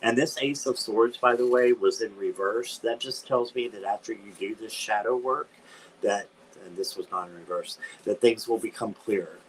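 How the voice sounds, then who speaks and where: A man's voice: on the low side, normal speed, a little hiss or hum. A man hosting a live-stream tarot reading, chatty and given to dramatic squeals of disgust. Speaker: tarot reader, channel host.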